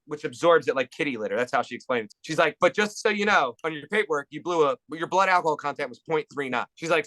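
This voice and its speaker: A man telling a profane story with animated energy in a casual podcast chat. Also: fairly high pitch, no echo. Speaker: podcast co-host.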